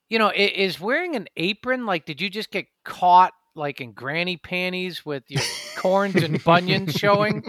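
A man co-hosting a film podcast, asking questions in halting, jokey casual chat. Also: high-pitched, lively intonation, fairly bright tone, dry recording. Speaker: podcast co-host.

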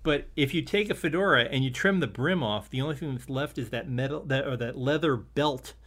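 A man's voice: mid-range voice, a little fast, a bit bright. A man co-hosting a casual discussion, rambling with many restarts and laughing easily. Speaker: podcast co-host. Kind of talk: casual discussion of an old TV episode.

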